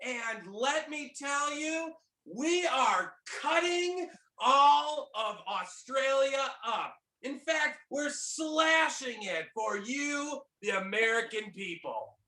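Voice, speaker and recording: A man playing a hard-selling infomercial pitchman in an improv comedy scene. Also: lively intonation, takes it slowly, pushed and bright, reverberant, heavily acted. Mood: salesy. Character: pushy male infomercial pitchman.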